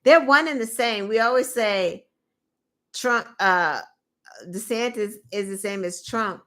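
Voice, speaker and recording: A woman host giving opinionated political commentary, indignant and animated, with mocking asides. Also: on the high side, slow.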